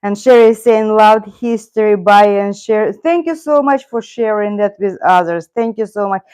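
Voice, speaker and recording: A woman's voice: mid-range voice, moderate pace, a little mellow, clear, resonant tone. A middle-aged woman with a Russian accent, chatting casually and rambling on a live stream. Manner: rambling, talks to her cat and viewers. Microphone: loose clip-on mic.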